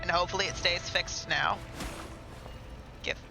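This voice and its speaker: A man's voice: high-pitched, fairly even intonation, a little slow, low-quality recording. A man streaming a game live, chatting casually and rambling to himself and his chat. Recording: game music clearly behind.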